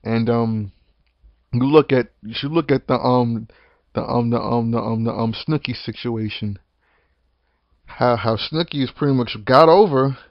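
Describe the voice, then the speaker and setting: A man's voice: medium pitch, unhurried, no room sound. Profane, rambling man ranting on lo-fi audio. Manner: rambling, frequent swearing and restarts. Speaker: wrestling commentary vlogger. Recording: dull lo-fi dry recording.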